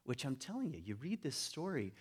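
A middle-aged man giving an informal talk on religion to a group, conversational and rising into animated emphasis. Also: mid-range voice, brisk, slightly rough. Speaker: speaker on religion and home.

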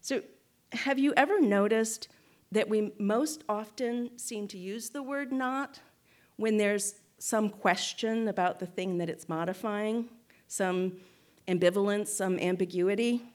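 A woman giving a reflective spoken teaching to a group, measured and thoughtful, often checking in with "right?" and restarting phrases. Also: medium pitch. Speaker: guest speaker.

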